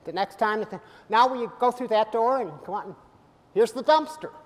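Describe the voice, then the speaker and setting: A middle-aged man preaching a sermon, animated and humorous, swinging from loud bursts to soft, quiet lines. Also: sits high, moderate pace. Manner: humorous asides. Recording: hall reverb.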